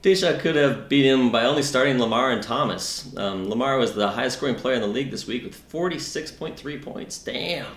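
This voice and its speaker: A man's voice: medium pitch, animated, a little fast, hardly any pauses, a bit bright. Dry, sardonic man in a roomy space. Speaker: news-style fantasy league co-host. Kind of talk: mock news recap. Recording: roomy echo.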